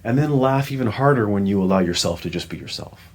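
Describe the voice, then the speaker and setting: A man co-hosting a podcast, chatting casually and telling an animated story that acts out the lines of other people. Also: fairly low pitch, fast talker. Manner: animated storyteller, acting out quoted dialogue. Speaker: podcast co-host.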